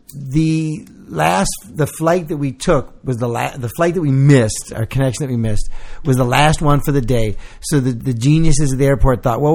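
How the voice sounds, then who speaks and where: A man's voice: mid-range voice, vocal fry, a little mellow. A man co-hosting a podcast, telling a story in a rambling, self-deprecating way with lots of swearing. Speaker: podcast co-host. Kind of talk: casual storytelling chat.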